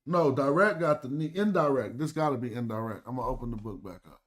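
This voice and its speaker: A man speaks in at a mid pitch, hosting his own livestream in a loose, casual way. He thinks aloud as he reads, sounding out words slowly and drawing them out. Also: lively intonation. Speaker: livestream host. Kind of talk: casual livestream study talk.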